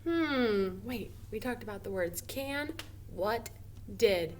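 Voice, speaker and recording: A woman teacher giving a recorded grammar lesson to first graders, slow and encouraging, drawing out her example sentences expressively. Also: medium pitch, animated. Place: home or classroom at a smartboard.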